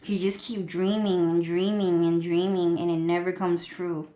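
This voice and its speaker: A young woman with a fairly low voice rambles to her viewers in a loose, profane rant. She swears constantly and piles up fillers as she jumps from thought to thought. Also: level tone, normal speed, dark tone. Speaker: vlogger.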